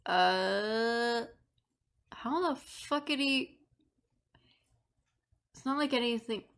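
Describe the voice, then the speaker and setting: A woman's voice: on the high side, extremely slow, fairly bright tone, a little hiss or hum. A woman streamer chatting casually and swearing while she plays and reads a video game aloud. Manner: giggly, cursing, reads game lines aloud. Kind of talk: casual let's-play commentary.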